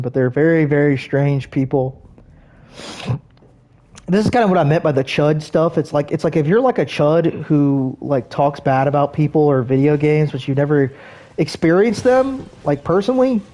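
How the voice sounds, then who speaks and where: Male streamer, slightly high voice, loose profane ramble full of fillers, chatting to viewers mid-game. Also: mellow. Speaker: gaming streamer. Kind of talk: rambling livestream chat while gaming.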